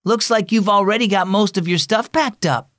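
A man's voice: high voice, normal speed, fairly bright tone, no room sound, clean studio sound, voice pushed up. A man voicing a young boy who is upset that his best friend is moving away, speaking in a plaintive, pleading way.

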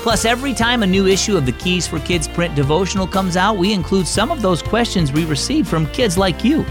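A man's voice: sits high, animated, fairly quick, over music. A man hosting a children's devotional program, upbeat and speaking directly to young listeners. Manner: bright, upbeat, talks directly to kids. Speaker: host.

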